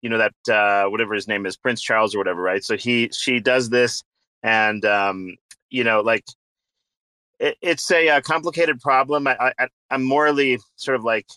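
A man rambles through joking banter with lots of fillers and swearing. His tone is bright and sharp, and the sound is dry with no room around it. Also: medium pitch, moderate pace, smooth, no echo. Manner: rambling, profane, filler-heavy. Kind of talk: casual joking chat. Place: online audio chat room.

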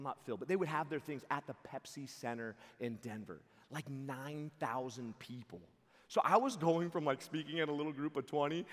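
A young man speaking as a camp preacher, telling stories with lively quoted voices and frequent laughter. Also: mid-range voice. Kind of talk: youth camp sermon. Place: large hall before a live audience. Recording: hall reverb.

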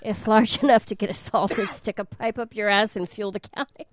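A woman's voice: medium pitch, fairly even intonation, normal speed, no echo. A woman co-hosting a comedy podcast, tipsy on wine and tossing in dry wisecracks. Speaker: podcast co-host. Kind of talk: casual comedic chat.

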